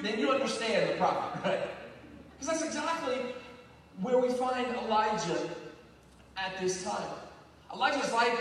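A man preaching a sermon as pastor, telling the story in a lively, conversational way. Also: extremely high pitch. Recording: echoey hall from far off.

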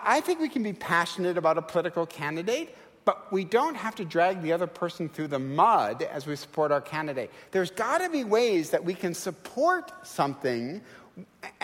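A middle-aged man preaching a sermon, telling stories and acting out quoted voices in a lively, animated way. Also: high voice, long reverb tail. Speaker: guest preacher. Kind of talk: sermon with storytelling. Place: church sanctuary.

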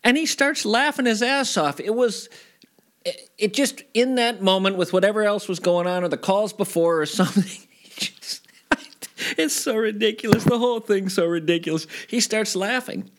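A middle-aged man from Minnesota telling stories from his past in a casual interview, animated and climbing high when he gets excited. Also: normal speed. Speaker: guest storyteller.

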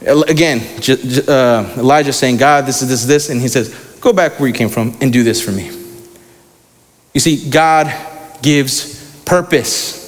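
A man's voice: fairly high pitch, big-room sound. A young man preaching a sermon in a casual, slangy way, reading scripture aloud between asides.

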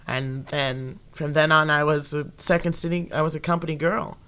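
Bright, lively young woman comedian. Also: low voice, moderate pace, hardly any pauses, clean tone. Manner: animated storyteller who acts out quoted dialogue. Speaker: improv comedian and actor, interview guest. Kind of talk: casual interview storytelling.

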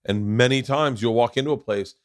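A man's voice: medium pitch, a little fast, no room sound, studio quality. A man hosting a podcast, telling stories in a loose, rambling way, often restarting sentences and swearing freely. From Florida. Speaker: podcast host; comedian. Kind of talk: casual conversational storytelling.

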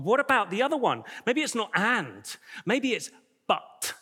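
A man's voice: sits high, big pitch swings, a little slow, sharp tone, husky. A man preaching a sermon to his church, enthusiastic and emphatic, repeating key lines for effect. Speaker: pastor. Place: church hall with congregation. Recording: reverberant church hall.

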